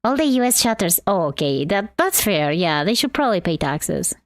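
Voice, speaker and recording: A woman's voice: mid-range voice, big pitch swings, normal speed, no echo, clean studio sound. A woman from Argentina streaming live while drawing, chatting in a bubbly way and greeting her chat.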